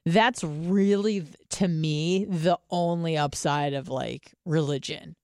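A young American woman co-hosts a podcast, chatting casually in a low, slow, slightly mellow voice. She rambles, swears, and fills her speech with fillers, and the recording is clean studio sound with no echo.

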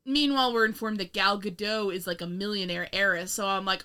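A woman's voice: mid-range voice, a little fast, hardly any pauses, sharp tone. A young woman co-hosting a casual film review chat, rambling, laughing often and swearing with sarcastic asides. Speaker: podcast co-host.

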